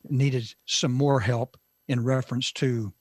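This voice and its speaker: A man teaching from the Bible on a talk show, slow and emphatic, with dramatic pauses and sudden shifts in loudness. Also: medium pitch, fairly even intonation, dry recording.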